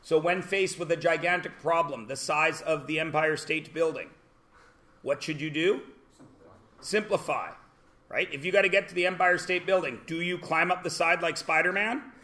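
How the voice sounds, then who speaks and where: Canadian male math teacher, slightly high voice, chatty question-and-answer classroom patter. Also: normal speed, pushed and bright.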